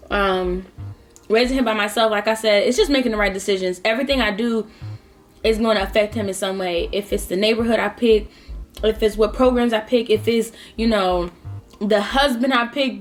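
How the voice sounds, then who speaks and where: A woman in her twenties talking casually while eating, heartfelt and rambling, with lots of fillers. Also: medium pitch. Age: 20s. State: close to tears at times. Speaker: vlogger. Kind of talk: casual mukbang talk.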